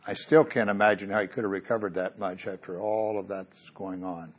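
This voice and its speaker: A man's voice: sits low, steady tone, fairly quick, slightly rough. A man preaching a sermon, earnest, bringing the story's voices to life as he goes.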